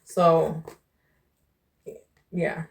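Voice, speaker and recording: A woman's voice: deep voice, flat delivery, extremely slow, creaky. A woman from New York, a vlogger and tarot reader, chatting casually to the camera in a candid way and calling the viewer "child" and "baby".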